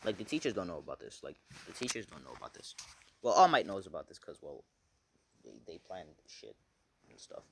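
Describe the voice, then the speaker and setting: A man's voice: low-pitched, huge pitch swings, a little fast, vocal fry, a bit bright, slight background noise. A man casually telling a made-up story off the cuff, rambling, correcting himself often and swearing. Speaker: fan fiction storyteller.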